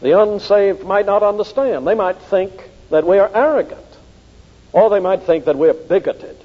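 Emphatic preacher in an echoing hall. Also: male voice, sits high, moderate pace. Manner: emphatic, repeats key phrases for stress. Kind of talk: sermon. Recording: dull old recording in a reverberant hall.

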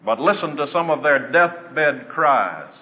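Male preacher, slightly high voice, earnest sermon delivery, dull lo-fi sound. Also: animated. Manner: earnest, slows down to stress points. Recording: dull lo-fi with long reverb.

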